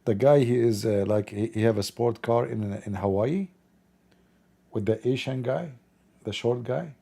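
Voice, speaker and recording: Gravelly, dark-voiced middle-aged man preaching. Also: mid-range voice, a little slow. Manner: blunt, mocking and preachy, in broken grammar. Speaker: livestream host. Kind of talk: casual livestream chat and preaching.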